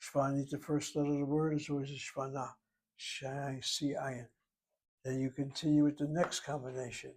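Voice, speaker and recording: Husky guy going through hebrew grammar slowly, letter by letter. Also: mid-range voice, little pitch movement, darkish tone. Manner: methodical, explains word by word and letter by letter. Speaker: Hebrew teacher. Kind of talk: grammar lesson.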